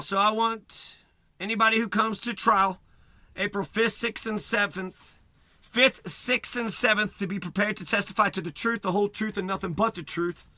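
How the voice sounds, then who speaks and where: High-voiced, sharp-toned man ranting. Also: no echo. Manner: agitated, repetitive, swearing heavily. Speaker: vlogger. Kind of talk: profane rant to camera.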